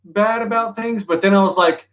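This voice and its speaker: A man who is a fitness trainer, co-hosting a casual live-stream chat in a rambling, halting way. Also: high voice, fairly bright tone.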